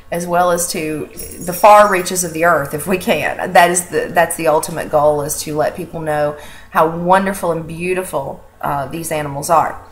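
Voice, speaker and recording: A woman hosting a casual video update for an animal sanctuary, talking in an earnest, chatty way with many fillers and restarts. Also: sits low. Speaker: animal sanctuary director and host.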